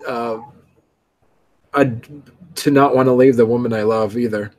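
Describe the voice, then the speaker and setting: A man's voice: mid-range voice, fairly even intonation, a little slow, darkish tone, voice pushed down, lightly acted. A man doing a dated Irish fairy man. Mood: wistful. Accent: thick dated Irish brogue. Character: wildly smiling old-fashioned male winter fairy.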